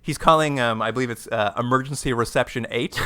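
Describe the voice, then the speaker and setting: A man's voice: mid-range voice, fairly quick, bright, forceful tone, clean tone. A man hosting a podcast, recapping a show in casual, rambling chat with many restarts. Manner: rambling, lots of "like" and restarts, laughs often. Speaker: podcast host.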